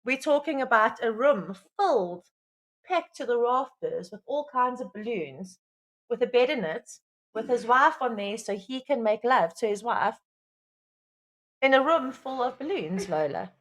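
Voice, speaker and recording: High-voiced, laughing woman podcast co-host. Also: a little slow, poor audio. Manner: animated, laughing storyteller. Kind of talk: casual chat.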